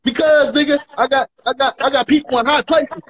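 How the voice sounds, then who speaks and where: High-voiced man snapping back defiantly. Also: fairly even intonation, a little fast, a bit bright. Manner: defiant short comebacks. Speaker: guest on a livestream.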